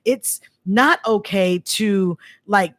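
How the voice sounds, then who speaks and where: A woman with a raspy, distinctive voice, a voiceover artist chatting as a radio guest. She talks at an ordinary pitch, lively and emphatic, and laughs easily. The studio sound is close and dry. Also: very slow, no room sound. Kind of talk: animated storytelling in a radio interview.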